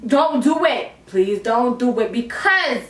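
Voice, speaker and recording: A woman's voice: a little high, slow pace. A young adult woman telling a storytime tale from her bedroom, in a playful, slangy, conversational way. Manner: animated, playful and conversational, with a raised on-camera voice. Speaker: YouTuber telling a personal story. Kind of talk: storytime vlog, casual slangy chat. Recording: echoey room, mic at a distance.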